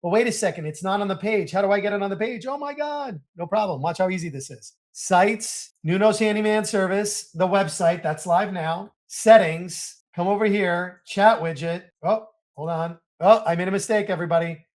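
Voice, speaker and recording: A man with a fairly high voice walks viewers through software on his screen. He narrates every click and gets excited as things work, talking straight to the audience in a hyped, chatty way. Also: moderate pace, few pauses. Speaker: software tutorial host. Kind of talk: screen-share software walkthrough.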